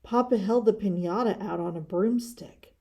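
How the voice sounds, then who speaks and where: A woman's voice: medium pitch, normal speed, mellow. A woman reading a children's storybook aloud expressively. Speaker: story reader.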